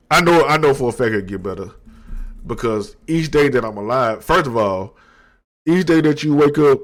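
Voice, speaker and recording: A man in his thirties talking slowly and candidly into the mic at his desk, reflective and low-key, with slang and many restarts. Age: 30s. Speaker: podcast host. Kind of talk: candid personal monologue.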